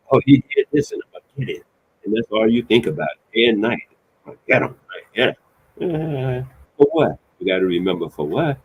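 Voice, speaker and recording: A man's voice: fairly low pitch, a little hiss or hum. A man giving a blunt, colloquial motivational talk, preaching directly at the listener. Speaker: motivational speaker. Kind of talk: casual motivational monologue. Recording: tinny phone-like sound.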